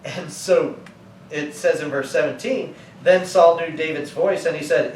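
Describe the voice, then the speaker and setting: A man's voice: a little high, unhurried, echoey room, recorded from a distance, a little hiss or hum, poor audio. A man preaching as pastor, teaching scripture and retelling it in casual everyday words. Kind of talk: sermon teaching. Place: church.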